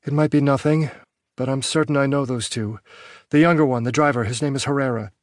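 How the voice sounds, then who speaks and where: A man voicing a wary young female survivor who speaks quietly and guardedly. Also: medium pitch, steady tone, brisk, no echo, studio quality, lightly acted.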